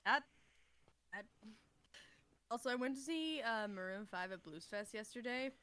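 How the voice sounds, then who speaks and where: A woman's voice: a little high, animated, normal speed, bright, forceful tone. A woman co-hosting a podcast in casual chat, rambling, laughing and swearing as she reads from an old notebook. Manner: reading aloud from an old notebook. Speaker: podcast co-host.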